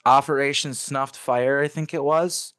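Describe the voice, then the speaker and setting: A man's voice: medium pitch, fairly even intonation, unhurried, a bit bright, clear, resonant tone. A man talking as an interview guest, recounting memories casually but intensely and swearing freely.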